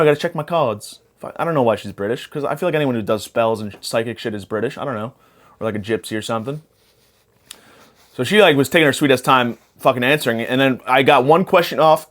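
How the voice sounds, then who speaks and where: Young man, podcast host, rapid talk, swearing, scattered and spacey, comic rant. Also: medium pitch, fairly bright tone. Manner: profane, rambling, jumps between topics. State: spacey after a panic attack. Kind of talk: rambling comedic monologue.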